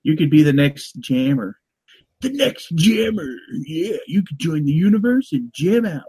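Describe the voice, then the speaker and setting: A man guest on a live show speaks in a high voice, recorded dry and close. He is playful and eager to show off silly tricks to the viewers. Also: big pitch swings, measured pace, dark tone, slightly rough, no room sound. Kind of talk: casual joking chat.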